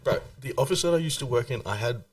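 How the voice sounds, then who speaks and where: A man's voice: mid-range voice, animated, fast talker, distant mic. A young man, co-hosting a casual chat in a laid-back, mumbling way. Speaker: podcast co-host.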